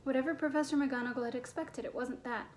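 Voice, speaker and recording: A woman narrating a children's fantasy novel aloud in a clear, steady storytelling manner. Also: high-pitched, quick pace, a little hiss or hum. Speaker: audiobook narrator.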